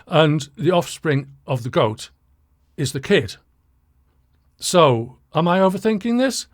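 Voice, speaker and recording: A man's voice: fairly high pitch, big pitch swings, slow pace, no room sound. Older guy reading comments on his channel, wry and chuckly, voice bobs up and down a lot, dry close sound. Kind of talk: casual talking-head commentary. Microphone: shotgun mic.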